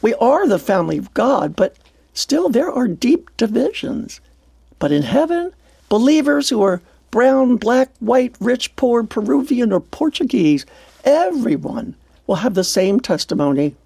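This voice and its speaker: A woman's voice: a little high, sing-song, measured pace, gravelly, warm tone, slightly rough, no room sound. An older woman hosting a devotional radio program, talking earnestly and exclaiming with wonder. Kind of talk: heartfelt devotional radio talk.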